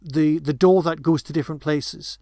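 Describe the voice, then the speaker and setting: A man's voice: a little high, fairly even intonation, moderate pace, mellow, no room sound, studio quality. A man co-hosting a podcast, chatting casually about a film, rambling with many restarts and asides. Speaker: podcast co-host.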